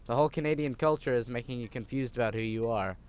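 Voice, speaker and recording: A man's voice: mid-range voice, fast talker, a little mellow, smooth, muffled recording, lightly acted. A man reading the lines of a strict, worried middle-aged mother in a story game, scolding and nagging. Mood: stern. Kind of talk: reading game dialogue aloud.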